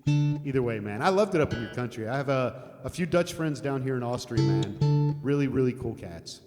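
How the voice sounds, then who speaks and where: An older American man with a mid-range voice chats casually with viewers on a live music stream, his intonation lively and his pace moderate. He rambles, laughs, and swears now and then. The recording has long reverb, with guitar music playing behind him.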